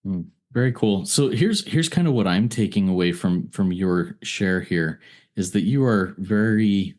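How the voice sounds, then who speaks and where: A man's voice: deep voice, measured pace, darkish tone. A man hosting a recovery meeting, reflectively summing up a guest's share before asking a question. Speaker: meeting host.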